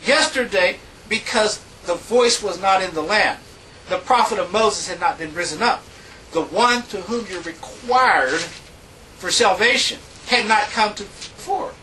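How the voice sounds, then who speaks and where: A man preaching a sermon, reading scripture in an emphatic, drawn-out way with big rises and falls in pitch. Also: pushed and bright, recorded from a distance, slight background noise, poor audio.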